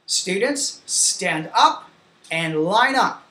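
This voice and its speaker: A woman teaching a demo English lesson for young children, singing slowly and giving simple classroom instructions. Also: on the low side, big pitch swings, fairly bright tone, roomy sound.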